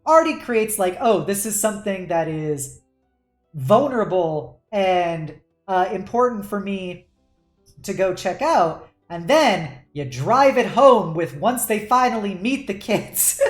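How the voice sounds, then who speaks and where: A woman's voice: mid-range voice, animated, unhurried, echoey room, faint music behind. A woman hosting a casual streamed panel as game master, chatting loosely with frequent laughs and casual swearing.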